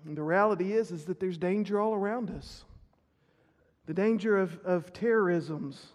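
A male pastor with a strikingly high voice delivers a sermon, telling a personal story earnestly and often restarting his phrases. His voice rings with the long reverb of a church sanctuary. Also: moderate pace.

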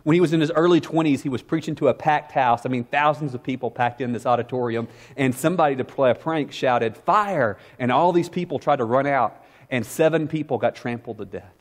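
A middle-aged pastor delivering a sermon in a voice of ordinary pitch for a man. He stumbles over repeated words when he gets fired up, then drops to a hushed, intimate tone. The delivery is earnest and direct. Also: fairly quick.

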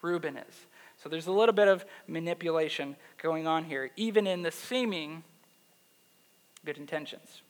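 A man with a fairly high voice preaches a lively sermon, throwing questions out to his listeners. His voice rings in a hall with a long reverb. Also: moderate pace. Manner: animated, asks the audience questions. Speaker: pastor. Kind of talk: sermon with scripture reading.

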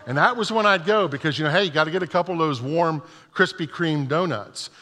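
A man's voice: a little high, a little fast, pushed and bright. A man preaching a sermon as a pastor, telling self-deprecating humorous stories, heard with long reverb in a large church hall.

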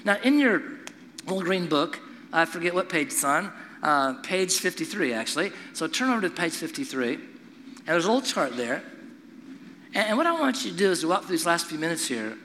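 A middle-aged man preaching a sermon to a congregation, telling stories and acting out voices in an animated way. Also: high-pitched, big-room sound, slight background noise. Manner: animated storytelling with acted-out voices. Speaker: pastor.

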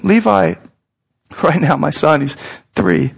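A pastor in his thirties preaching a sermon, his voice sitting notably high for a man. He talks in a casual, earnest way and addresses his listeners directly. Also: moderate pace.

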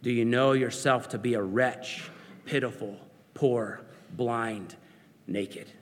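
A man's voice: mid-range voice, slow pace, long reverb tail. A man preaching a sermon, earnest and searching, putting questions to his listeners.

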